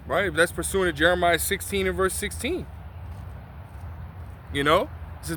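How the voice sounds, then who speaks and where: Brash, profane street preacher, bright-voiced. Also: male voice, sits high, lively intonation, moderate pace, a little hiss or hum. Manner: loose, profane, slangy preaching with many asides. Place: city street outdoors.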